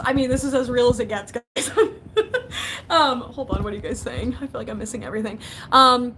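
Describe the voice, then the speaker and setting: A woman's voice: fairly high pitch, steady tone, brisk, pushed and bright, a little hiss or hum. A young woman in casual livestream chat from her basement, chatty and giggly, reading out viewers' comments. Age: young adult. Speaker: vlogger.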